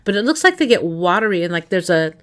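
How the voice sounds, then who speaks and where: A woman's voice: on the low side, very animated, fast, a bit bright. A woman livestreaming in casual chat, rambling and talking straight to her viewers. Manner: rambling, chatty, addresses chat directly.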